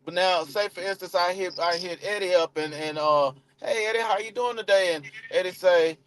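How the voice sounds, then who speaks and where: A man's voice: sits high, moderate pace, few pauses, fairly bright tone, clean tone. A man coaching cold calling in a casual live chat, talking loosely with many restarts and acting out both sides of phone calls. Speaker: real estate coach.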